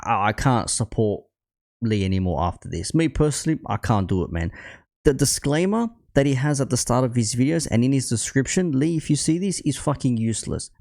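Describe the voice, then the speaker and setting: A man's voice: mid-range voice, vocal fry, darkish tone. A man hosting a football channel, ranting bluntly and swearing often. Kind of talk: ranting commentary.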